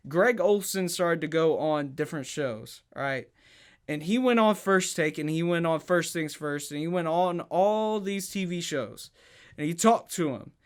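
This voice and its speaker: A man's voice: sits high, fairly bright tone. A man hosting a sports podcast, arguing heatedly, stammering and restarting, pressing home his points with rhetorical questions. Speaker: podcast host.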